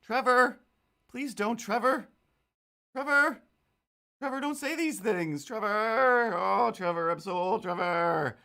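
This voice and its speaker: Guy putting on a sobbing whiny dude, pitched way up and loud, wailing and begging. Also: slow, vocal fry, heavily acted. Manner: high wailing sob-voice. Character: whiny weepy man begging, fretting about being old.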